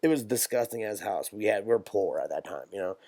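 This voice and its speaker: A man's voice: fairly low pitch, lively intonation, vocal fry, dark tone, no room sound. Rambling, profane young man. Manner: profane, rambling, jokey, quick bursts. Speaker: podcast co-host. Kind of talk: casual chat, storytelling.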